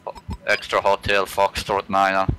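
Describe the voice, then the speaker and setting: A young man making excited callouts in casual gaming chat over a voice call, calling everyone mate. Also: low-pitched, normal speed, clear, resonant tone, poor audio.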